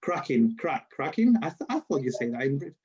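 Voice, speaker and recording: In this casual interview, a Spanish-accented man who works as a university lecturer and nurse spins animated stories, acting out quotes, laughing a lot, and restarting sentences to self-correct. He speaks briskly with a mid-range, slightly rough voice, captured in a dull lo-fi recording.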